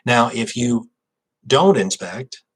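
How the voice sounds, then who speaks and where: A man's voice: mid-range voice, expressive, slow, breathy edge, rough recording. A man, an auctioneer, explaining a legal point in an informal talk, thinking aloud with frequent fillers and restarts. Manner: reads a quoted passage aloud.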